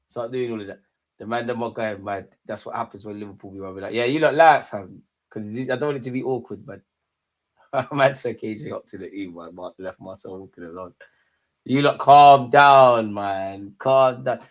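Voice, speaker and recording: Excitable young man streaming football. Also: mid-range voice. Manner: excitable banter with chat, London slang, swears, laughs often. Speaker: football watch-along streamer. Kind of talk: live match watch-along chat.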